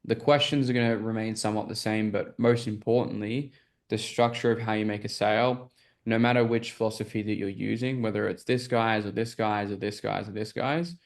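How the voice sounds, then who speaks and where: Low-voiced male sales coach explaining. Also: steady tone, fairly quick. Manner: explanatory, filler-heavy, checks understanding often. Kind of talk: coaching call teaching.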